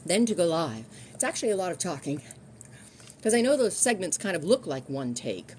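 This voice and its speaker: A woman's voice: fairly low pitch, big pitch swings, a little fast, darkish tone, slight background noise. A middle-aged woman chatting casually on a live stream from home, rambling and restarting her sentences.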